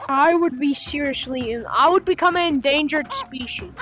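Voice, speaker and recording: A woman's voice: high-pitched, moderate pace, fairly bright tone, slight background noise. A young woman hosting a gaming channel, chatting to viewers in a rambling, playful way with many fillers. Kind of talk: casual chat to viewers.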